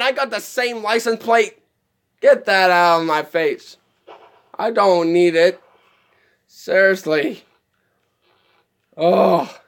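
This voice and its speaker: A man's voice: high-pitched, fairly bright tone. A man streaming live gameplay commentary, chatty and easily exasperated, laughing often at what happens on screen.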